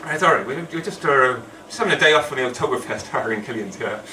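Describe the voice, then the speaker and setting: A man's voice: medium pitch, lively intonation, fast talker, pushed and bright. Brief: male storyteller rambling through a funny true story, heard from a distance in a roomy hall with background noise. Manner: rambling, self-deprecating, humorous. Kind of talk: live storytelling on stage. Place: event hall. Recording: echoey hall, distant mic, noisy.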